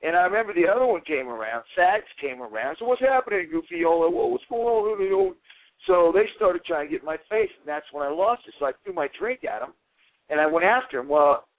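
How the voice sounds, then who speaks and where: A middle-aged man, a guest fighter, telling a story on a radio show with animated delivery, swearing and acting out the voices of others. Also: fairly high pitch, dry recording, low-quality recording. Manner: swears, acts out quoted voices. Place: radio studio.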